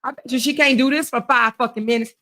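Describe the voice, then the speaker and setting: A middle-aged woman hosting a livestream, trash-talking with loud profanity and taunts while she exercises her arms. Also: a little high, fairly even intonation, quick pace. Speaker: livestream commentary host.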